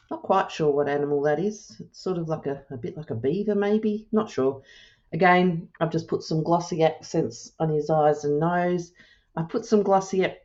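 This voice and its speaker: Woman, low voice, crafting tutorial host; easygoing step-by-step talk with ums and self-corrections, slightly dull lo-fi recording. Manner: relaxed, chatty, thinking aloud with ums and self-corrections. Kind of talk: casual step-by-step demonstration.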